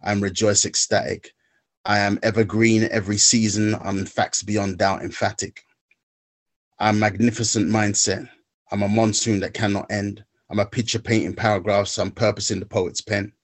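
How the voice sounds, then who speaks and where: A man reciting a spoken word poem in a measured, rhythmic way, then talking haltingly about his own recovery steps. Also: on the low side, little pitch movement. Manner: halting, searching for words.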